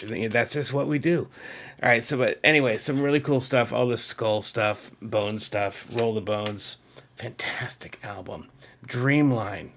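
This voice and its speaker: New guy in his 50s chatting about his cd collection, excited, wanders off topic, laughs at himself. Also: medium pitch. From Massachusetts. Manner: enthusiastic, rambling, self-deprecating. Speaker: music collector video host. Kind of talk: casual chat showing a CD collection.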